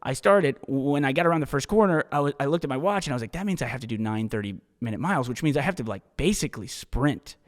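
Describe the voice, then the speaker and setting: A man hosting a solo podcast, talking loosely and swearing freely as he tells his story with rising energy. His voice sits at an ordinary middle pitch. The sound carries a long reverb tail from a live room. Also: fast talker, hardly any pauses. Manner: casual, profane, animated storytelling. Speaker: podcast host.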